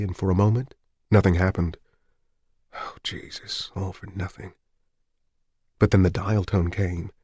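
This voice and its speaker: A man narrates an audiobook in a steady, measured way. His voice is very low and deep. The recording is dry and close to the mic. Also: dry recording. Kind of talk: scripted narration.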